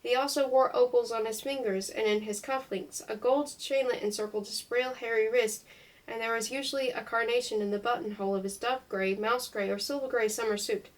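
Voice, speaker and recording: A woman reading a memoir aloud in an unhurried way, careful and now and then stumbling over foreign names. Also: fairly high pitch, fairly even intonation, poor audio. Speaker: reader.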